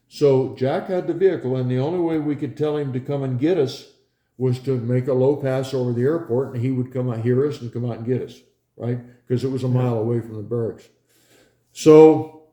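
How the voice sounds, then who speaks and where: A man's voice: medium pitch, mellow. An older man, a former pilot, casually reminiscing about research flights, chatty and chuckling as he acts out scenes. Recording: roomy echo.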